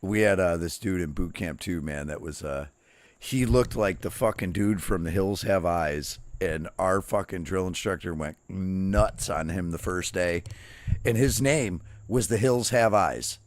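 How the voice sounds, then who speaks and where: Low male streamer, profane storyteller, dry mic. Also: measured pace, no room sound. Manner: profane, storytelling, barks quoted drill shouts. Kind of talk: casual storytelling chat.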